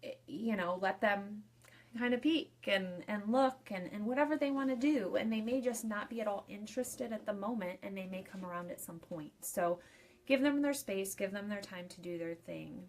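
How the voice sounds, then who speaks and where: A woman's voice: mid-range voice, normal speed. Young woman funeral director, casual live-video advice, repeats points in loose lists. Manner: chatty and repetitive, restating points in loose lists.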